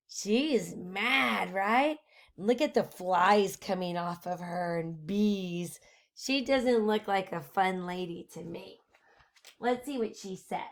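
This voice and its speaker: A woman teacher reads a picture book aloud to her class, slow and unhurried, her voice sitting on the higher side. She stays animated, stops often to quiz the children, and drops into hushed asides.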